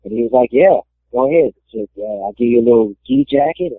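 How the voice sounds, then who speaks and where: A man's voice: mid-range voice, fast talker, husky, no room sound. A young man, an MMA fighter, telling his story in a casual interview, acting out the voices of people he quotes. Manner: animated storyteller, acts out quotes. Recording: tinny phone line.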